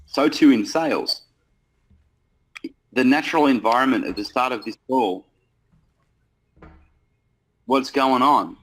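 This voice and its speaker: A man's voice: mid-range voice, takes it slowly, long pauses, poor audio. A man coaching salespeople in casual talk, blunt and full of swearing. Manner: blunt, profane, animated. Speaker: sales trainer.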